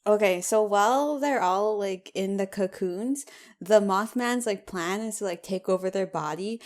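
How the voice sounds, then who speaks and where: Give me a woman co-hosting a casual podcast, giggling often in a middle-pitched voice. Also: measured pace. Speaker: podcast co-host. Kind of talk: casual chat.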